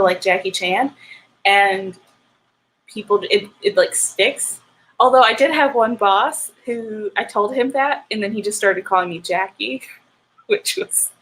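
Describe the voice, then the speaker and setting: A young woman hosting a writing livestream, chatting casually with viewers and getting animated and ranty. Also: medium pitch, rough recording. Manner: animated, ranting. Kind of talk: casual chat with live viewers.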